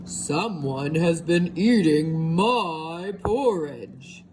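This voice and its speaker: A woman voicing a big, gruff father bear with a loud, growling voice. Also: deep voice, drawn-out words, full character voice, poor audio. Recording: steady background hiss.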